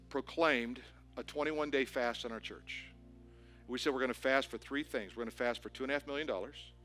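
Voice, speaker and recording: Bright-voiced pastor telling a story. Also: male voice, mid-range voice. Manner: animated storytelling with rising excitement. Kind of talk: sermon. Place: church auditorium.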